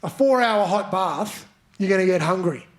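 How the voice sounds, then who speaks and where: A man with a high-pitched, expressive voice does stand-up at normal speed on a large theatre stage, teasing audience members and leading the crowd in chants. Playful banter fills the live recording, with crowd noise and audience laughter behind him.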